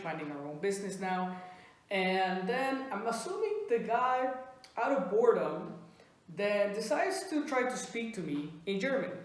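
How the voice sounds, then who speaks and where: A woman from Venezuela, telling a stand-up comedy story and acting out dialogue in animated bursts. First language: Spanish. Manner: animated, acts out dialogue with pitch jumps. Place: small comedy venue. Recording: very echoey room.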